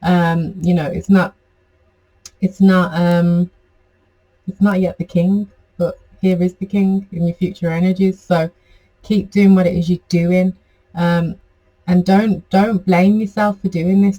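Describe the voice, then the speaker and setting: Mellow, rambling tarot reader. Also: medium pitch, level tone, a little slow, low-quality recording. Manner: chatty and rambling, many fillers. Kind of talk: casual tarot reading to camera.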